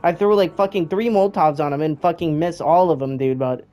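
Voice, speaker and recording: A man's voice: fairly high pitch, fairly quick, clear, resonant tone. A young man giving gameplay commentary, frustrated and swearing as he rants at the game he is playing. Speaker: gamer. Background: loud game music and gunfire.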